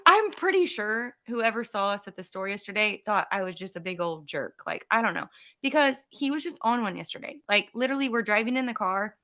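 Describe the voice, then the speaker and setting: A woman in her thirties, co-hosting a podcast in a casual chat, telling lively stories. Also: medium pitch. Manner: animated, laughing storyteller. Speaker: podcast co-host.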